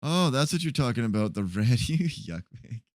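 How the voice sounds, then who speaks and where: A man's voice: medium pitch, big pitch swings, moderate pace, dry recording, clean studio sound. A man streaming a roleplay game, chatting casually and animatedly to his viewers, laughing often.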